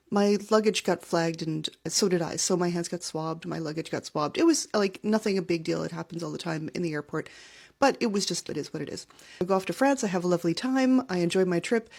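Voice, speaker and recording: A Canadian woman talks straight to camera, telling a casual storytime. Her voice sits a little low for a woman. She is chatty and wry and pokes fun at herself. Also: gravelly, a little mellow. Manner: chatty, wry, self-deprecating. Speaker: travel vlogger. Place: home, early morning.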